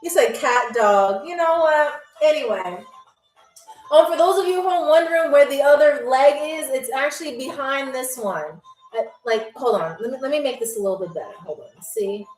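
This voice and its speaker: A woman hosting a live-stream game show in a high voice, teasing viewers and answering them sarcastically. The recording has an echoey room around her. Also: lively intonation, normal speed, faint music behind.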